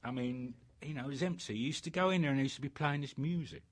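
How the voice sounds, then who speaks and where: A man's voice: mid-range voice, fast talker. An older man with a British accent, rambling through life stories in a casual interview, full of fillers and restarts. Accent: British English. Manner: rambling anecdotes with many fillers. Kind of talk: storytelling in casual chat.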